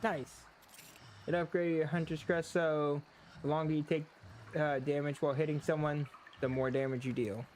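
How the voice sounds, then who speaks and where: A man's voice: a little high, little pitch movement, moderate pace, slight background noise. A congested man casually commenting on his own gameplay, talking to himself in a chatty way. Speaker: gaming channel host. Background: loud game music.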